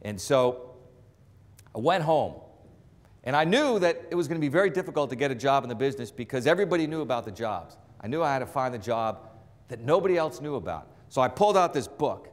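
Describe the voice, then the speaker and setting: Animated storytelling man in a big hall. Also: fast talker. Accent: trained-out Boston accent. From Boston area. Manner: animated, acts out quotes, drops low for asides. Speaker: sportscaster speaker. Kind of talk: motivational storytelling speech. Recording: long reverb of a large hall.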